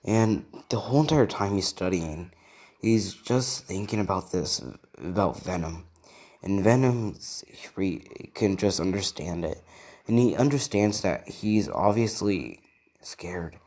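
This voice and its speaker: A man's voice: low-pitched, expressive, measured pace, darkish tone. A man telling an improvised fan story in a rambling, casual way, with many restarts.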